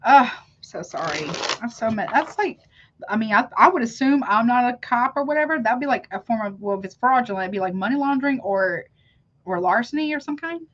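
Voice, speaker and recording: Woman, tarot reader, live stream, chatty, says honey a lot, a bit high-pitched, dull lo-fi sound. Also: expressive, a little fast. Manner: chatty, calls viewers honey, self-interrupting. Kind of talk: live tarot reading, reacting to chat.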